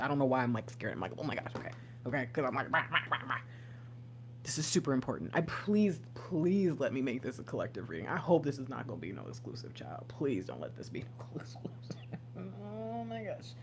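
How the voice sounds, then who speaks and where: Woman tarot reader, low mellow voice, excitable, jumps between exclaiming and whispering. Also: a little hiss or hum. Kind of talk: casual tarot reading vlog.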